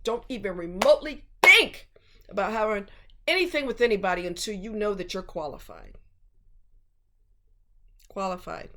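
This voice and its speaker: A woman's voice: medium pitch, bright, forceful tone. Woman ranting blunt dating advice, exasperated, punchy, casual vlog. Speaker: relationship advice vlogger. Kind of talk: casual monologue.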